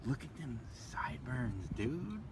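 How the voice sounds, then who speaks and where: A man co-hosting a travel vlog, joking loudly and calling his companion "dude" as they drive. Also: medium pitch, sing-song, measured pace, creaky. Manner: loud, joking, says "dude" a lot. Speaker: travel vlogger, co-host. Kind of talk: casual road-trip chat. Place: in a moving car and outdoors. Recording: noisy car interior.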